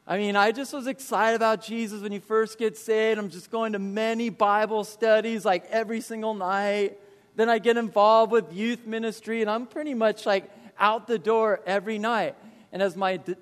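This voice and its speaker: Male pastor preaching with a fairly high voice, in a big reverberant room, animated storyteller. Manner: storytelling, animated retelling with quoted dialogue. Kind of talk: sermon.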